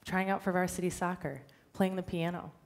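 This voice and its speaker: A woman speaks on a stage in an earnest, measured prepared talk. Her voice sits a little low for a woman, and her delivery stays clear and steady. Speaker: director of a nonprofit, conference speaker. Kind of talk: prepared speech. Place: stage before a live audience.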